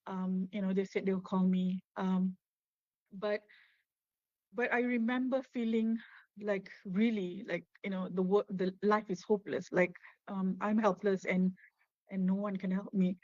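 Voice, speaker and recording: A middle-aged woman, giving halting personal testimony as a webinar guest over a video call. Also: medium pitch, steady tone, a little mellow, dry recording. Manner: halting, many fillers and restarts. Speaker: guest, suicide loss survivor. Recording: dull, dry lo-fi webinar audio.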